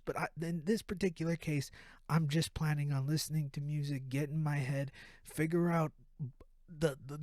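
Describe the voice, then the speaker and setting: A man hosting a podcast, telling a profane comedic rant in an animated way from a room at home. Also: fairly high pitch, dry recording, studio quality. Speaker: podcast host.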